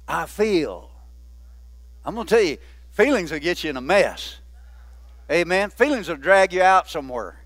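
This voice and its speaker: A man preaching a sermon, often asking the congregation "Amen?" and slowing down to stress key words. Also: high-pitched, fairly bright tone, no room sound. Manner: call-and-response preaching with frequent "Amen?". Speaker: pastor.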